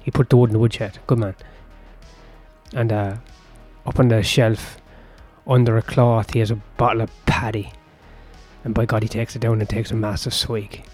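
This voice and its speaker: A man's voice: fairly low pitch, level tone, moderate pace, a little mellow, faint music behind. Rambling profane male storyteller. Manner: rambling, profane, self-interrupting asides. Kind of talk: improvised story narration.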